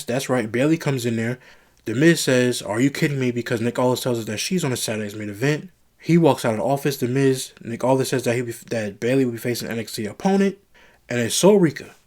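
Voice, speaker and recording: A man talks through his solo wrestling show review, his pitch sitting at an ordinary middle height. He gets frustrated often and circles back over the same complaints. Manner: frustrated, ranting, repeats himself.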